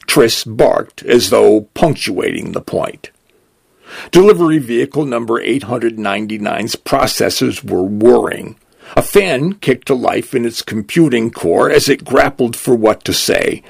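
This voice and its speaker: A man narrating a story in a measured, expressive way. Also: mid-range voice, vocal fry, breathy edge, no room sound.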